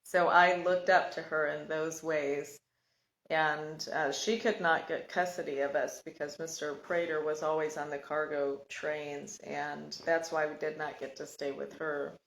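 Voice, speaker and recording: A woman speaking in a slightly low voice, talking through her own life story in a loose, reflective monologue. She stops often and searches for her words. The room around her rings with noticeable echo. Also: little pitch movement, measured pace, fairly bright tone. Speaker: podcast host sharing personal story. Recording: echoey room.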